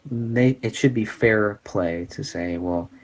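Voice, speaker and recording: Male host, lowish voice, earnest and halting, casual commentary, thinks aloud with pauses. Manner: halting, many fillers and restarts, earnest. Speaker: podcast host.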